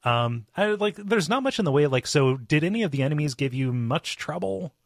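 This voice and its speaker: A man's voice: a little high, expressive, brisk, creaky, no room sound, studio quality. A man co-hosting a podcast in casual chat, laid-back and joking, laughing often. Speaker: podcast co-host.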